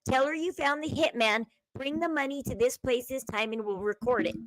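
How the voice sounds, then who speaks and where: A woman's voice: high-pitched, normal speed, no echo, rough recording. A young adult woman hosting her own channel, casually retelling a crime story and acting out the quotes. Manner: chatty storyteller, acts out quotes, euphemisms like schmurdered. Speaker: commentary channel host.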